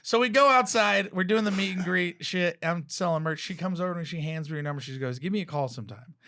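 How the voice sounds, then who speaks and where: Bright-voiced man telling raunchy stories. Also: sits high, fast, a little hiss or hum. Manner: animated, profane anecdotes with laughing asides. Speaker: guest comedian. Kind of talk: casual chat, storytelling.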